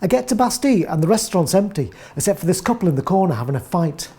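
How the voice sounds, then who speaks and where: A woman with an English accent delivering a wry, deadpan first-person comic monologue as a narrator. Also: lowish voice, fast talker, husky.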